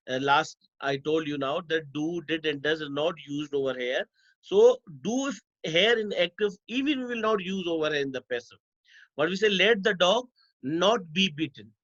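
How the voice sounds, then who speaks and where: Male teacher, grammar lesson, high voice, slow repeated examples, addresses dear students, dry dull lo-fi sound. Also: fairly bright tone, no echo. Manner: repeats each example slowly, stretching words.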